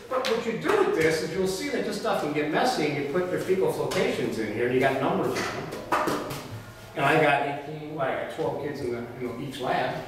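A middle-aged man teaching a veterinary technology class, telling folksy, colloquial anecdotes in an animated way. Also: on the high side. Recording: echoey hall, voice from far off, faint noise.

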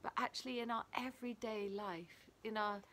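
Gentle woman giving a devotional. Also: mid-range voice, fairly even intonation, moderate pace. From England. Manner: gentle, reflective, reads and comments on a devotional. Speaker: church devotional leader. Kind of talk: daily devotional talk. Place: small garden playhouse. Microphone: camera video.

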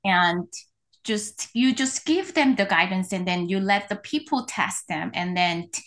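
Animated woman guest telling a story. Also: medium pitch, a little slow. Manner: animated storytelling, non-native phrasing with restarts. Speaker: guest, orthodontist. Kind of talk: conversational interview.

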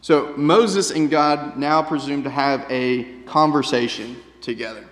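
A man giving a sermon in a relaxed, conversational manner and often tossing in "right?". His voice sits at an ordinary middle pitch. It carries a long echo through a church hall. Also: a little slow. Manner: conversational, keeps asking "right?". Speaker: preacher. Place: church sanctuary.

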